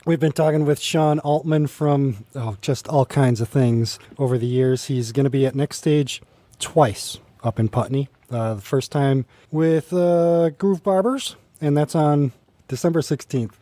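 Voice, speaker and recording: A man hosting a casual radio interview, relaxed and wry, in a studio. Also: medium pitch, unhurried, dry recording. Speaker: radio host.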